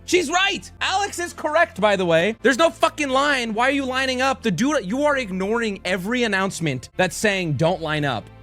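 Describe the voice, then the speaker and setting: A young man streaming, telling a story to his chat in a casual, profane way with loud outbursts. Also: very high-pitched, lively intonation, moderate pace, few pauses, faint music behind.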